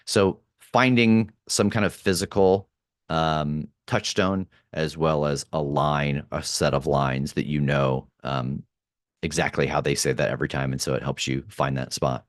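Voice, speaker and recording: Deep-voiced guy chatting about podcast acting, lots of ums, dry close sound. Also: fairly even intonation, a little slow, dry recording. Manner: thoughtful, many fillers and restarts. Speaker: podcast producer and actor. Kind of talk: casual interview chat.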